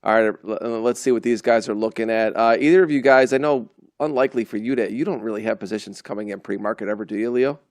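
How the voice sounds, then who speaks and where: A man's voice: on the low side, fast, few pauses, no echo, clean studio sound. A man hosting a live trading show, bantering and joking with his guests before turning to the charts. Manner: jokey, bantering, hesitant restarts. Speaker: host.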